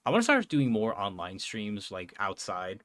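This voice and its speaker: Rambling low-voiced young man streaming. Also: wildly swooping pitch, normal speed, fairly bright tone, no echo. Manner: rambling, filler-heavy, swearing, laughing often. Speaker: streamer and podcast host. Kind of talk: casual live-stream chat.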